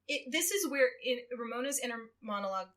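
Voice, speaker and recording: Giggly woman on a podcast retelling a story, lively up and down voice. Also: on the high side, fast. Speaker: guest co-host. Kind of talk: casual podcast chat recapping a book.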